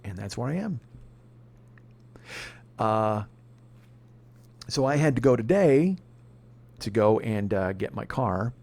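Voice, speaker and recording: A man's voice: on the low side, expressive, takes it slowly, vocal fry, pauses often, darkish tone. A man in his forties, a comedian hosting a podcast, telling a story in a heated, profane, exasperated rant. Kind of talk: ranting storytelling monologue.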